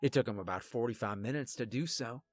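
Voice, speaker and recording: A man telling a first-person story in a deadpan way, with wry asides to the listener. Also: medium pitch, fast talker, no echo, faint music behind.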